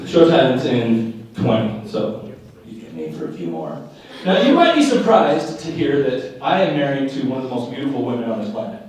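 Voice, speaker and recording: A man's voice: medium pitch, darkish tone. A young man performing live stand-up comedy, telling wry self-mocking stories and acting out the dialogue. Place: live venue before an audience. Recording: very echoey room, voice from far off.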